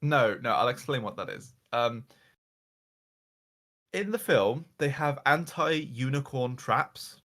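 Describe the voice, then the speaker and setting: A man's voice: mid-range voice, lively intonation, slow pace, sharp tone. A man ranting as the reviewer, exasperated and mocking, swearing often as he goes through slides. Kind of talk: casual comedic rant.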